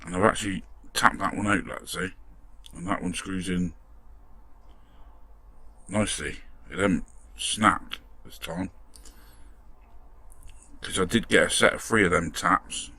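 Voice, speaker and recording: Man, deep gravelly voice, casual workshop commentary, mutters and swears mildly as he works. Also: unhurried, pauses often, sharp tone, no echo. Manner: chatty, muttering while working, mild swearing. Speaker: model restoration vlogger.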